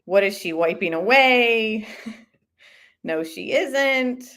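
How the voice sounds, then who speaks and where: A woman's voice: on the high side, lively intonation, takes it slowly, a bit bright. A woman hosting a live commentary stream in a casual, opinionated, conversational way, reading viewer comments aloud as she goes. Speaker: commentary channel host.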